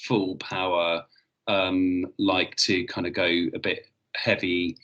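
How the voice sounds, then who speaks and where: Low-voiced man. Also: flat delivery, slow pace, a bit bright, highs cut off. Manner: enthusiastic, hesitant with many ums. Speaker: podcast guest, headteacher and author. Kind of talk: casual conversational interview.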